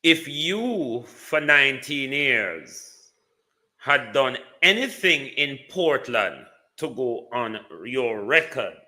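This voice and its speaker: A man's voice: medium pitch, sharp tone. A man with a Jamaican accent giving live political commentary, taunting and rhetorical, often asking "hmm?".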